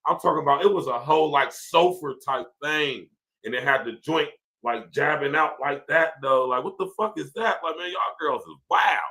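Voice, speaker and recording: A man's voice: on the high side, moderate pace, pushed and bright. A man hosting a podcast, ranting in a casual, profane way, laughing often and reading viewer comments aloud. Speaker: podcast host. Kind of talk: casual livestream rant.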